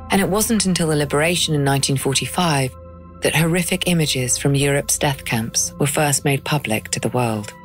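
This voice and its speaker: A woman in her thirties giving measured, grave documentary narration from a script. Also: deep voice.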